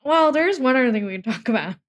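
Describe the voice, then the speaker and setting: A woman's voice: high-pitched, lively intonation, fast talker. A woman co-hosting a film podcast, chatting casually in a matter-of-fact, wry way. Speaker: podcast co-host.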